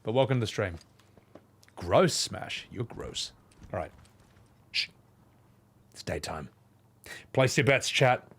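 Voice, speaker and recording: Animated male streamer acting out scenes. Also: lowish voice, slow, pauses often, slightly rough. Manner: animated, swearing, acts out movie scenes in voices. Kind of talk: casual livestream chat while gaming.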